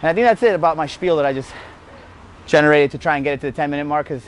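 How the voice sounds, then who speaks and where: A somewhat high-voiced man explains tricks in a loose, joking way and teases himself along the way. He is out of breath and talks into a lapel mic outdoors. Faint traffic hums behind him. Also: very fast. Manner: joking, self-mocking, chatty. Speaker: BMX rider hosting a how-to. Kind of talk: casual spoken tutorial. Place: outdoors by a street rail.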